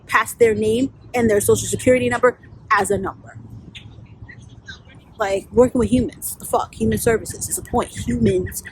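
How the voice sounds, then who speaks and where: A woman's voice: a little high, steady tone, moderate pace, a little hiss or hum, low-quality recording. A woman, a life coach telling a candid, profanity-laced story in a storytime vlog.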